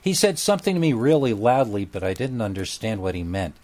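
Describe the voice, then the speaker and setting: A man's voice: on the low side, big pitch swings, a little fast, a little mellow. A man narrating a first-person story in a casual, wry storytelling manner.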